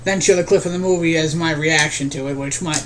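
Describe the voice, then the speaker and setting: Young male creator, casual vlog update, slightly high voice, faint room hiss, earnest and rambling. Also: fairly even intonation, fast talker, a bit bright. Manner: rambling, restarts often, earnest. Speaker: video creator.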